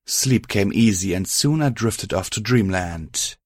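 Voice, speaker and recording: A man narrating a story aloud in a steady, even storytelling manner. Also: lowish voice, unhurried, dry recording, clean studio sound. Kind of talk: audiobook reading of fan fiction.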